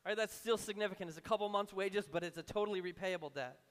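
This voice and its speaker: A man preaching a sermon in a conversational way, acting out imagined voices and dropping low and soft for emphasis. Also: fast, smooth, in a large hall. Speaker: pastor.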